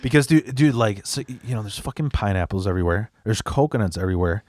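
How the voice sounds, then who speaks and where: A man's voice: lowish voice, fast talker, a little mellow, dry recording. A young man from the Chicago area, a stand-up comedian telling rambling, profanity-laced stories in a casual podcast chat. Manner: rambling storyteller, swears a lot.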